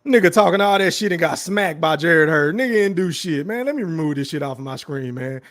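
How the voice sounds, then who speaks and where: A man's voice: on the high side, lively intonation, brisk, a bit bright, no room sound, studio quality. A man hosting a live-streamed podcast, ranting in a heated, mocking, profane way and talking straight to his viewers. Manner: talks straight to his chat audience. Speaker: podcast host. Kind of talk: live-streamed commentary rant.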